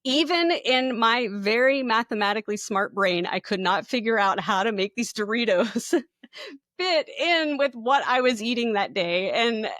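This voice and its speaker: A woman's voice: on the high side, measured pace, dry recording. Woman co-host telling a story, dry close mic. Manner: animated, laughs often, acts out quotes. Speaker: podcast co-host. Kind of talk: casual chat, storytelling.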